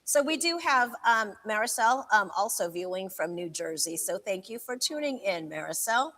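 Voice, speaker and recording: A woman's voice: medium pitch, expressive, moderate pace, sharp tone, long reverb tail. A woman co-hosting a radio game show in casual banter, giggly and teasing. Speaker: teacher.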